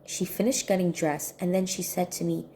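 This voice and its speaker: A woman telling a personal story to camera in an earnest, soft-spoken way, often repeating her points. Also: on the low side, level tone, moderate pace, a little hiss or hum. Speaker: healing coach.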